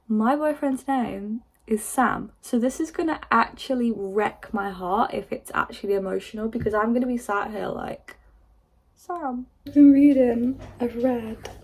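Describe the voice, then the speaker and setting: Gushing about books in a casual vlog, a young woman talks freely and leans heavily on "like." Her voice is a little high, darkish, and breathy, heard through a rough recording.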